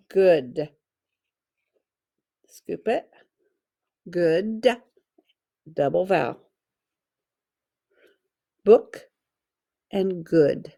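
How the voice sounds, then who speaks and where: A woman teacher giving a slow, careful phonics lesson for children, sounding out letters and syllables one by one. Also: lowish voice, vocal fry, dark tone.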